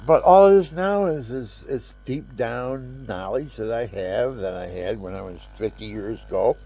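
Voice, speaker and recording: A man's voice: medium pitch, unhurried, warm tone, slight background noise. An older man with a stuffy nose, rambling chattily at home in a casual vlog and showing things as he talks. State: stuffy nose, talking through his nose.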